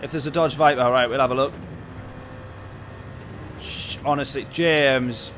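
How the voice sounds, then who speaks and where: Male streamer, mid pitch, casual rant with loud bursts. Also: normal speed, long pauses, a little hiss or hum. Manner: ranting, exasperated storytelling with sudden loud outbursts. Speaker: sim-racing streamer. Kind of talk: casual live-stream chat.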